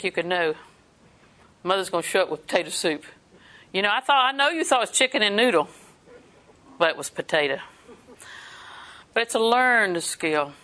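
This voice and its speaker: An older woman delivers a sermon in a bright, forward voice. She mixes homely family stories with scripture and laughs easily as she talks. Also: on the low side. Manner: folksy storytelling, laughs often. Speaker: preacher.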